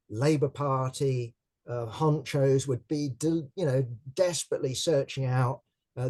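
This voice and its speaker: A man's voice: medium pitch, dark tone. An older man from Britain giving casual political commentary, sardonic and rambling, with many fillers.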